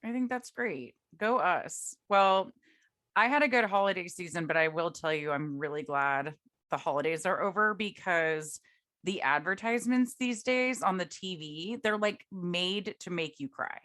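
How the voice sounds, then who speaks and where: A young woman co-hosts a podcast in loose, chatty conversation, saying "like" a lot and laughing often. Her voice is on the low side and a bit bright, at a normal speed.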